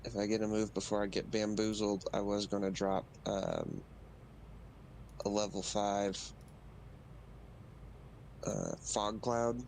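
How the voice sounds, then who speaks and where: A man with a fairly low voice playing a tabletop game, playfully talking through his moves. Faint background noise sits under his voice. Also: expressive, slow pace, creaky, pauses often, a little mellow, poor audio. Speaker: player. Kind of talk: casual tabletop game chat.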